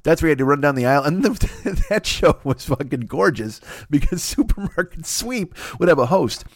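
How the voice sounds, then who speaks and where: A man's voice: on the high side, animated, normal speed, dry recording, studio quality. A man hosting a comedy podcast, ranting in a rambling, profane way with many restarts and sudden jumps in energy. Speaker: podcast host.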